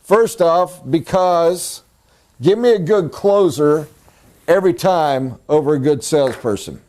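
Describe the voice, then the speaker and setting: Middle-aged male sales coach lecturing a room, animated and emphatic, mellow-toned voice. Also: unhurried. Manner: animated, emphatic, jumps to high excited pitch for emphasis. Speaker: sales trainer. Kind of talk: live training lecture.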